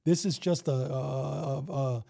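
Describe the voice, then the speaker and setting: A man's voice: mid-range voice, normal speed, mellow. A man in his fifties, a retired police officer, telling a story in a casual interview and acting out the dialogue with some swearing.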